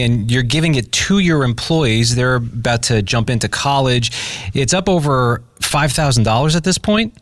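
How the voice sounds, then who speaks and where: A man's voice: medium pitch, moderate pace, dry recording. A chatty, upbeat man in his thirties hosting a radio interview. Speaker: radio host.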